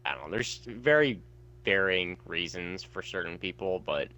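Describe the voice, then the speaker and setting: A man's voice: sits low, animated, moderate pace, bright, forceful tone, dull audio. A man co-hosting a casual gameplay chat, talking in an easygoing, agreeable way. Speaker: co-host, fellow player.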